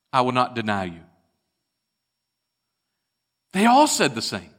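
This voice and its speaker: A man preaching a sermon, retelling scripture with dramatic swings between raised and hushed delivery. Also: medium pitch, huge pitch swings, a little fast, hardly any pauses, slightly rough. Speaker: pastor.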